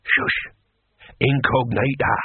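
A man's voice: steady tone, slow, husky, no echo. A man voicing a cheeky, cocky ancient barbarian who cackles and crows, in a dry, tinny recording. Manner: cackling, high and crowing. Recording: dry, tinny phone-like sound.

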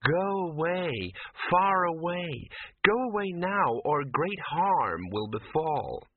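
Entranced young woman in a storybook, slow and eerily sweet as a man voices her, raised pitch, tinny phone-band sound. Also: lively intonation, dry recording.

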